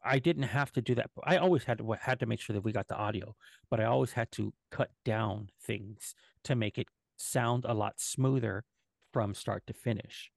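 A man co-hosting a podcast live, talking casually with many halting restarts and fillers. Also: mid-range voice, creaky, dry recording, studio quality. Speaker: podcast co-host and editor. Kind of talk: casual live-stream chat.

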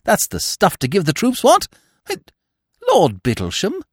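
A breezy young gentleman, voiced by a man, chattering in bright, brisk bursts. His voice bounces with wide swings of pitch. The sound is dry and close. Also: wildly swooping pitch, husky, dry recording, heavily acted.

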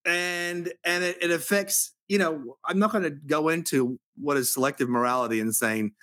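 A man from Australia, hosting a podcast and musing in a relaxed, reflective way. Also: fairly high pitch, normal speed. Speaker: podcast host. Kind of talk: casual conversation.

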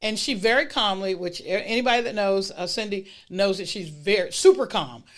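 A middle-aged woman speaks in a lively, emphatic way as she tells personal stories from her working life. Her voice sits at an ordinary middle pitch. She sounds natural and unscripted, like someone recounting her own experiences. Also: moderate pace. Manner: emphatic, lively retelling with acted-out dialogue. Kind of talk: personal storytelling talk.

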